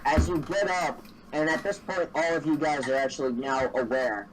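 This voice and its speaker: Rambling game master, fairly high voice. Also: male voice, normal speed, background noise. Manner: casual, rambling, laughs often. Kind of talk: narrating a tabletop game.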